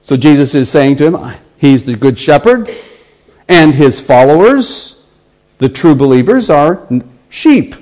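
An American man delivers a sermon in an earnest voice that sits a little higher than most men's. He slows right down to let quoted scripture land, then presses on through his explanation. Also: lively intonation, darkish tone, poor audio. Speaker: pastor.

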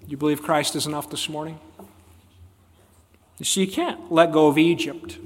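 Higher-voiced male pastor preaching in a reverberant hall. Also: steady tone, moderate pace, long pauses. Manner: emphatic, asks the congregation rhetorical questions. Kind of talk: sermon.

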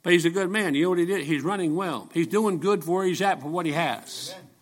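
An older man preaching a folksy, joking sermon full of stories, rising into shouted peaks. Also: on the high side, fast.

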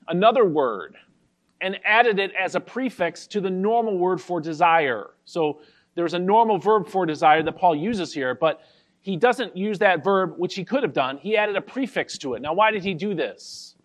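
A man pastor giving an expository sermon, carefully explaining a Bible verse and reading the scripture slowly. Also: sits high, animated.

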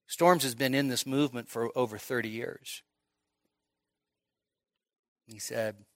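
At a midweek church service, a male pastor teaches an expository sermon in a conversational, emphatic style. His medium-pitched voice is steady and a bit bright, and he checks in with "okay?" and slows down to stress key phrases.

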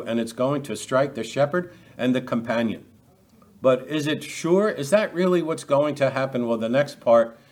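A man's voice: medium pitch, a little mellow. A man preaching an expository sermon as pastor, conversational, posing rhetorical questions, acting out quotes and often repeating words as he restarts phrases.

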